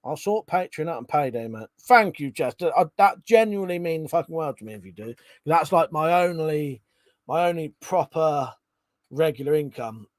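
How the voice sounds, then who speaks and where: A man chatting casually on his live stream, voice sitting a little high. He swears freely and reads out comments from viewers. The sound is close and dry, with no room around it. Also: lively intonation, normal speed, no room sound. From Britain. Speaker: livestream host.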